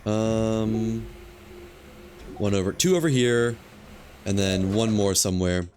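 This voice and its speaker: A man's voice: lowish voice, takes it slowly, a little hiss or hum. A man streaming a video game, casually talking himself through what he is doing on screen, muttering and thinking aloud. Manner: relaxed, muttering to himself while playing. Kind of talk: casual gameplay commentary.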